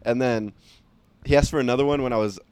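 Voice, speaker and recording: A man's voice: medium pitch, steady tone, fast talker, a little mellow, clean tone, no room sound. A young man telling stories in casual chat, rambling with lots of fillers and swearing.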